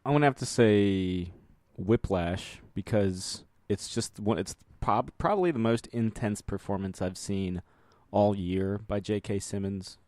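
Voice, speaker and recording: Man, low pitch, dry sound, wry and easygoing, casual podcast talk. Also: unhurried, few pauses, a little mellow, no echo. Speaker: podcast co-host. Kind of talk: casual chat.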